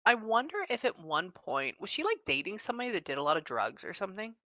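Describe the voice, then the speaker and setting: A woman giving a casual psychic reading, chatting as she relays what she senses with frequent pauses and fillers. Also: medium pitch, big pitch swings, bright, forceful tone, dry recording, highs cut off. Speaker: psychic medium.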